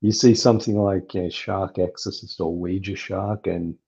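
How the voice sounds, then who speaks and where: A man's voice: sits low, fairly even intonation, normal speed, vocal fry, warm tone, slightly rough, lo-fi sound. A man hosting a casual movie watchalong, easygoing as he leads the stream and talks to the chat. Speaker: channel host.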